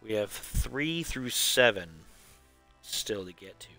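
A streamer riffing in a wry, rambling way as he plays, his lowish male voice bright and forceful. He sounds casual and unscripted, with faint game music underneath. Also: big pitch swings, slow. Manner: wry, rambling running commentary. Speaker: streamer playing through a game marathon. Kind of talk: casual live-stream commentary.

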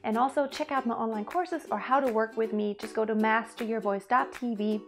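A woman's voice: on the high side, a little fast, faint music behind. A young woman teaching a singing lesson, explaining technique and sometimes singing short demonstration notes. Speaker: vocal coach.

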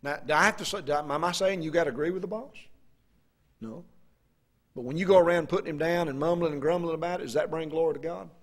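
A man preaching a sermon in a folksy way, asking the congregation questions and reading scripture slowly and emphatically. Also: a little high.

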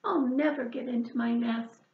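A woman putting on a small female hedgehog in a storybook, high and squeaky, wailing and fretting at every setback. Her voice sits well above an ordinary speaking pitch. The sound is dull and lo-fi, with an echo off the room. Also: steady tone, moderate pace, lightly acted. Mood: distressed. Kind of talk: storybook read-aloud.

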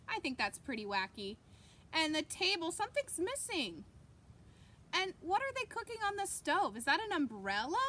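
A woman reading a picture book aloud to children, animated, gasping and exclaiming, and asking the young listeners questions. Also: high voice, slight background noise. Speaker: children's story reader.

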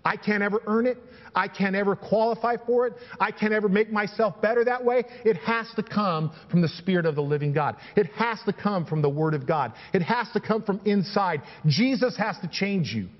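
A man's voice: sits high, moderate pace, in a large hall, dull audio. A man preaching a sermon as pastor, reading scripture aloud and building emphasis with repeated phrases.

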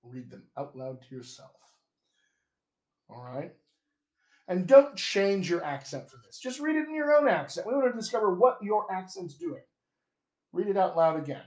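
A man teaching accents as a dialect coach in a live stream, talking to viewers and demonstrating vowels slowly. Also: sits high, big pitch swings, darkish tone, reverberant. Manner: slow, demonstrative, drawn-out vowel examples; chatty, addresses viewers directly. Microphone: webcam or phone on a live stream.

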